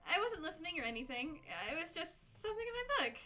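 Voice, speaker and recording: A woman's voice: very high voice, very animated, fast talker, sharp tone, soft background music, voice pushed up, heavily acted. A woman voicing a shy, bookish teenage schoolgirl who stammers and hesitates. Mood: flustered.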